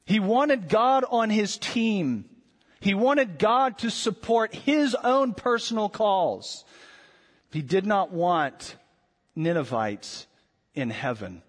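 A man preaching a sermon as pastor, earnest and emphatic, slowing down with dramatic pauses to stress key words. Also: high voice, expressive, long reverb tail.

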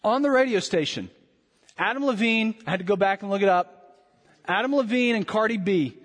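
High-pitched guy preaching a sermon, lots of rhetorical questions, loud then hushed, big echoey church. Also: fairly quick. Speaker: pastor. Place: church sanctuary. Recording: long reverb of a large hall.

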